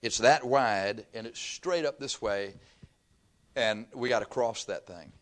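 A man's voice: on the low side, a little slow. An older man from Texas, preaching a sermon through folksy, humorous stories. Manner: folksy storytelling with laughter.

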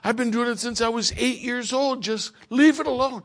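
A man's voice: extremely high pitch, normal speed, voice pushed up. A man voicing a pushy small-town church deacon who talks in an insistent, folksy way. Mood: boastful.

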